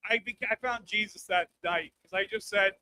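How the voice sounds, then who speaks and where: This stand-up set comes from a man with a high-pitched, fairly quick voice, heard over a noisy background on a live stage mic. He's brash and crude with his punchlines, repeatedly asking the crowd "all right?"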